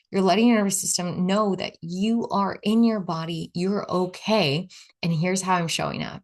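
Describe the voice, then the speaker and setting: A woman's voice: fairly low pitch, fairly even intonation, moderate pace. A woman hosting a solo podcast, chatting in a casual, reflective way and often saying "like". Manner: chatty, lots of "like", acts out quoted inner voices. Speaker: podcast host.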